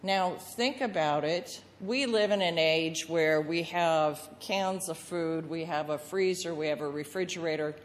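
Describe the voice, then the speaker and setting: A woman pastor preaching a sermon, telling the story lively and acting out the voices of the people in it. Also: low voice, measured pace, hardly any pauses, big-room sound. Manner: storytelling with acted-out voices of the crowd and Jesus.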